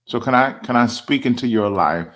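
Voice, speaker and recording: A man hosting a devotional show, preaching casually and emphatically, repeating phrases for weight and using relaxed slang. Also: mid-range voice, moderate pace. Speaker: host and preacher.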